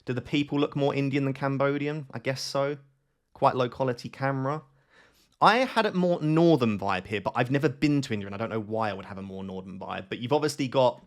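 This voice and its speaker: A man hosting his gaming channel, giving live gameplay commentary as he thinks aloud and keeps questioning himself. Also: mid-range voice.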